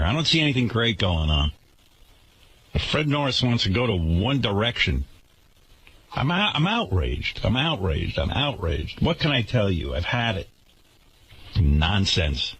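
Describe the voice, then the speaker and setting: A man's voice: lowish voice, a bit bright, husky. A man hosting a radio talk show, delivering an indignant, sarcastic rant to his listeners.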